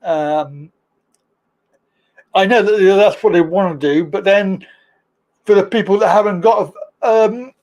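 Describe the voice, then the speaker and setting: A man's voice: high-pitched, a little slow, long pauses, darkish tone. A man hosting a live call-in stream, chatting casually with callers, with plenty of fillers and laughs. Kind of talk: casual chat.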